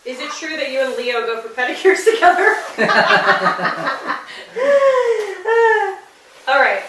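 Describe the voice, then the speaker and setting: A woman's voice: high voice, expressive, takes it slowly, bright, forceful tone, recorded from a distance, a little hiss or hum. A woman interviewing a boxer, chatty and upbeat. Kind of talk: casual interview. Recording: very echoey room, off-mic.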